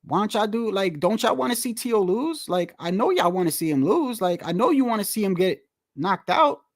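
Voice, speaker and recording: Male boxing commentator, high voice, heated profane rant, full of rhetorical questions. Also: animated, fairly quick. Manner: profane, slangy. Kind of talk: casual rant to the audience.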